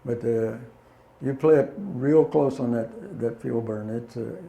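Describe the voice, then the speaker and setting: A man's voice: medium pitch, unhurried, gravelly, dark tone. An older man, a former pilot, telling plainspoken, folksy stories to an audience, chuckling at his own punchlines. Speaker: guest speaker, former pilot. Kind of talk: anecdotal talk to an audience. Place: meeting hall. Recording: roomy hall echo.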